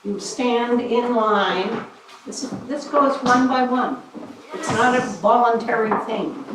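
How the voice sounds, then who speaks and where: An exacting old-time schoolteacher, acted by a woman runs a spelling bee with firm, deliberate instructions. She speaks slowly, and her voice rings in a very echoey schoolroom. The recording is noisy and picked up from a distance. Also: fairly high pitch. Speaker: schoolteacher reenactor. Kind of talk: living-history classroom reenactment. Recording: echoey room from afar, noisy.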